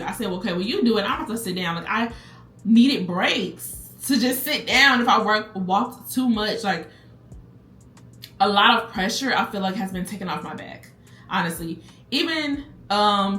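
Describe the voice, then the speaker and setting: A woman's voice: mid-range voice, a bit bright. Candid woman chatting in an echoey room. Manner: candid, chatty, frequent "like" fillers. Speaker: vlogger answering viewer questions. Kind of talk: casual chat.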